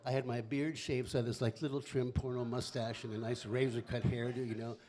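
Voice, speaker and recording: A man in his seventies, from Philadelphia, telling a family story between songs. He rambles and chats, dropping laughing asides. His voice sits at an ordinary middle pitch. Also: flat delivery, brisk, darkish tone. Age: 70s. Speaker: singer-songwriter.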